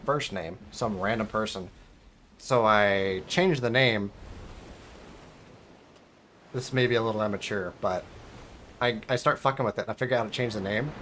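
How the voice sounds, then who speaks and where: A young man streaming a game, telling a story in a casual, swearing, animated way and squeaking out high alarm noises. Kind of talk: casual storytelling while gaming.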